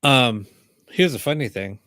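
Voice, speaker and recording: A man's voice: medium pitch, expressive, unhurried, pushed and bright, dry recording, clean studio sound. A male host in casual chat, laid-back, laughing a little as he tells a story. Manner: laid-back, laughs while telling stories.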